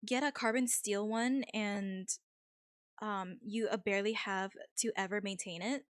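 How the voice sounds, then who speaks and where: A young woman streamer with an American accent that has a faint Vietnamese tinge, chatting casually with viewers, easygoing and quick to laugh. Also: mid-range voice, steady tone, no echo, clean studio sound. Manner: easygoing, chatty, laughs often, many ums. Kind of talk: casual chat reading viewer messages.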